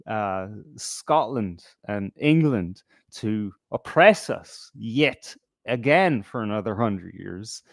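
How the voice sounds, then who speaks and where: A man holding forth on a casual podcast, swearing freely and stumbling through fillers. He speaks slowly, his pitch swinging widely. The recording is dry and close. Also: vocal fry, no echo. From Ireland. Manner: profane, animated rant with heavy fillers. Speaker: podcast co-host. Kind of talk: casual chat.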